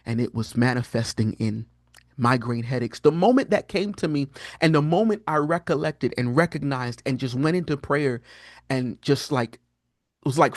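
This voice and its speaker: A man in his thirties, a guest on a podcast, telling a personal story in a casual, earnest way. He often restarts and fills his speech, and his voice jumps much higher when he quotes himself. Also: moderate pace, dry recording, clean studio sound. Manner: animated, rises sharply in pitch when quoting himself; frequent fillers and restarts, earnest and candid. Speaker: podcast guest, prophetic teacher.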